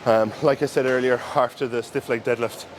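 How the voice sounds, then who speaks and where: Male bodybuilder, casual vlog coaching, mid-range voice, relaxed and instructive, faint gym hum behind. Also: mid-range voice, a little fast. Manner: relaxed, instructive, talks through gym cues with fillers. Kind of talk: casual training vlog commentary.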